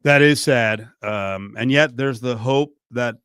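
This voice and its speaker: A middle-aged man hosting a sports radio show in a studio, joking and animated. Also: medium pitch, takes it slowly, clear, resonant tone, no room sound. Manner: animated, joking, swings from mutter to near-shout. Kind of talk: casual sports talk. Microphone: studio mic.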